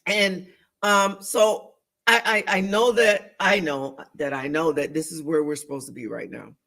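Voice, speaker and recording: A woman co-hosting a church talk show, speaking in an animated, emphatic, preaching-like way, repeating phrases for emphasis and acting out inner voices. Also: low voice, a little slow. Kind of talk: faith discussion, preaching-like.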